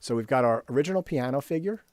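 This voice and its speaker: A man's voice: medium pitch, expressive, fast talker, darkish tone. A man teaching a workshop on rhythm for composers, explaining at his computer and scatting rhythms aloud, often checking in with "right?". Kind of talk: screen-share music lesson. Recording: dry close recording with faint music.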